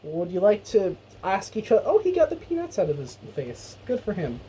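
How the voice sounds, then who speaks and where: A woman's voice: mid-range voice, huge pitch swings, brisk, dark tone, slightly rough, poor audio. A young adult woman co-hosting a casual radio show, playful and teasing in a mock-apologetic way.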